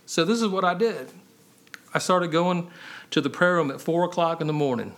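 A man's voice: sits high, normal speed, fairly bright tone. Earnest man telling his faith story. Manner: earnest, storytelling, peppers speech with "man" and "you know". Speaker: podcast guest sharing his testimony. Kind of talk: casual personal testimony.

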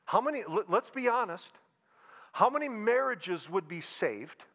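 A man with a high voice preaches in a loose, conversational way. He repeats key phrases and slips in light jokes. The recording sounds a little dull and muffled. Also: expressive, measured pace, bright, forceful tone. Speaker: pastor. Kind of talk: sermon.

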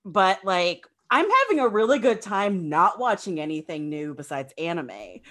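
A woman's voice: on the low side, sing-song, normal speed, fairly bright tone. A woman co-hosting a podcast, chatting casually with wry jokes. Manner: wry, joking asides. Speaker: podcast co-host. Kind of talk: casual chat.

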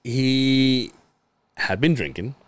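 A man's voice: mid-range voice, very slow, no echo. A man co-hosting a podcast, telling a story in casual chat, acting out the people in it and laughing and swearing along the way. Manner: animated storyteller, acts out quoted people, lots of swearing and laughing. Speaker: podcast co-host.

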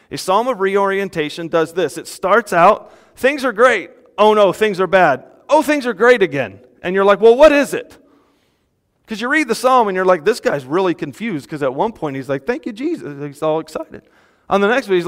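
A man preaching a sermon to a congregation, conversational and animated, with jokes and laughs. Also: fairly high pitch, clean tone, big-room sound. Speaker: pastor.

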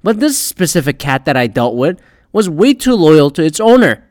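A young adult man hosting a podcast, ranting in a rambling, profane, animated way. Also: fairly high pitch, normal speed, dry recording. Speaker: podcast host. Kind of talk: profane solo rant.

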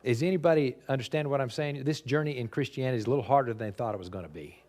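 A man preaching a sermon as pastor, animated and rising loud on key points, recorded for a live stream. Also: mid-range voice, rapid-fire.

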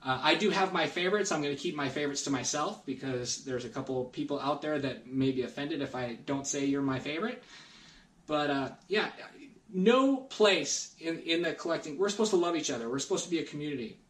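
A man's voice: fairly high pitch, a little fast, fairly bright tone. A man guest on a collecting podcast, talking in an earnest, rambling way with many restarts. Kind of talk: casual podcast chat. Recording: roomy, distant mic.

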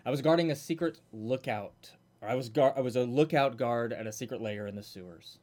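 A man's voice: mid-range voice, brisk, a little mellow, lightly acted. A man voicing an earnest male warforged automaton guard who tells his story plainly.

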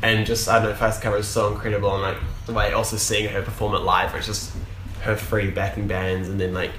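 Low-voiced man gushing in a roomy space. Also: level tone, quick pace, a bit bright, a little hiss or hum. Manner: gushing, enthusiastic, full of "like" fillers. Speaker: podcast co-host. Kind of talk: casual chat. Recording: roomy echo.

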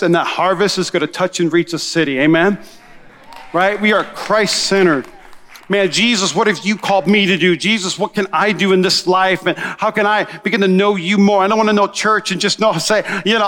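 A man preaching a sermon as pastor, energetic and conversational, calling out to his congregation. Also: high-pitched, big-room sound.

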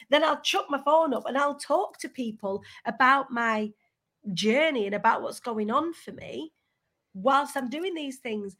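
Woman guest coach, lively and blunt, a touch high, on a video call. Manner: candid, energetic, swears casually. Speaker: guest speaker. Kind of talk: motivational talk.

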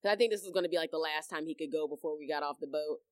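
Animated woman telling a story. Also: low-pitched, rapid-fire, no echo. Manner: animated storyteller, acts out her own reactions loudly, laughs often. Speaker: podcast co-host. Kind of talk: casual chat and storytelling.

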